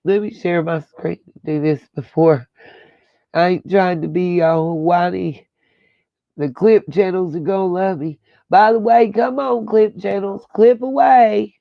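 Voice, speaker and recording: A woman's voice: fairly low pitch, gravelly, no echo, dull audio. A woman hosting a livestream, talking bluntly and profanely in a rambling rant from home. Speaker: livestream host. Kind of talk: casual livestream talk.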